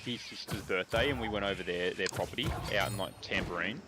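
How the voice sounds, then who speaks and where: A young Australian streamer tells a rambling story in a casual way, swearing often and saying "like" constantly. He has a deep voice and talks fast over noisy stream audio.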